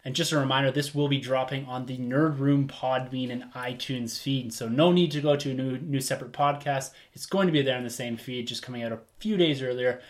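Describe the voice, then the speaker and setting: A man's voice: mid-range voice, fairly quick, hardly any pauses. A man from Canada hosting a casual podcast, upbeat as he runs through show news. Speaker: podcast host.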